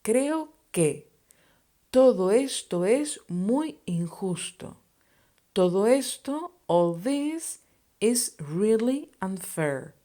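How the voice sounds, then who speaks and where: Woman teacher, slow, methodical lesson delivery. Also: mid-range voice, sing-song, dark tone. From Spain. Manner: slow and deliberate, explaining phrases and conjugations. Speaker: Spanish teacher. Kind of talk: scripted language lesson.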